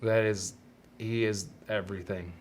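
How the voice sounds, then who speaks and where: A man hosting a solo podcast, talking earnestly and haltingly about fatherhood and fear of death, often restarting his sentences. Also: on the low side, steady tone, slight background noise. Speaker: podcast host. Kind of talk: reflective solo podcast monologue.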